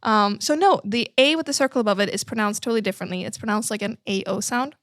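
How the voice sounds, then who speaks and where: A woman's voice: mid-range voice, fast talker, dry recording, studio quality. A woman from Sweden, a native Swedish speaker, co-hosting a podcast in a giggly, chatty way and explaining things at length. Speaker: podcast co-host. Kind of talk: casual chat.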